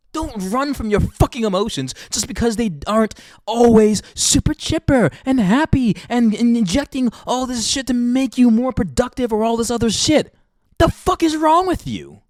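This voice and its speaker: A young adult woman sits close to the mic in a dry, dead-sounding space and rants with open, frequent swearing. Her voice sits high and leaps all over its range as she builds to emphatic peaks. She talks as a podcast host in an impassioned monologue. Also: a little mellow, no room sound. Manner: heavy swearing, emphatic ranting.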